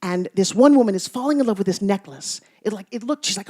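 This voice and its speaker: Speaking fast in a mid-range voice, a woman gives a motivational talk to a live crowd. She tells stories with playful teasing, lurching from loud bursts to hushed asides.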